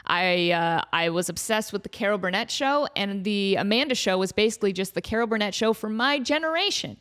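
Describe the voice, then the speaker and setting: A woman's voice: medium pitch, brisk, hardly any pauses. A woman in her thirties hosting her own podcast, chatting casually and bubbly, full of "like" fillers and playful asides. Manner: playful, jumps into excited voices when telling stories. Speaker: podcast host. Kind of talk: casual solo podcast chat.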